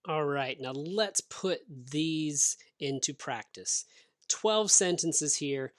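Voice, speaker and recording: A man teaching English grammar, explaining rules slowly and clearly with example sentences. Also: fairly high pitch, lively intonation, no echo, clean studio sound. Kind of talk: grammar lesson.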